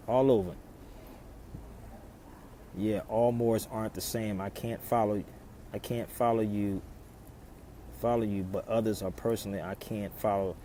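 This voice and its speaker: A man's voice: fairly low pitch, slight background noise, rough recording. Preachy man streaming outdoors. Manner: preachy, rhetorical questions, swings loud and soft. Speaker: live stream host. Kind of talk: casual live stream talk, answering viewer comments. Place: outdoors in a city neighborhood.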